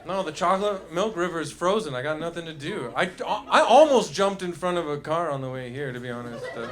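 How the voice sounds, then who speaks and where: A man's voice: on the high side, expressive, brisk, fairly bright tone. A man doing loose, profane stand-up comedy, riffing with the audience and making yelping sound effects. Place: comedy club stage with live audience.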